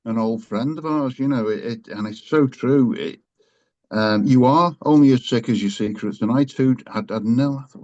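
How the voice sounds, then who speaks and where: A man, a guest in a frank conversation, talking haltingly with many fillers and restarts, laughing easily and swearing now and then. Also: medium pitch, a little mellow. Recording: slightly dull lo-fi sound.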